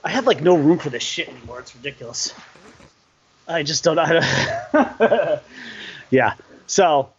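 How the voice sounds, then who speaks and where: A man co-hosting a casual live stream, excitable and quick to laugh, often trailing off mid-sentence. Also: fairly high pitch. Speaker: co-host of a live stream show. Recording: dull, lo-fi stream audio.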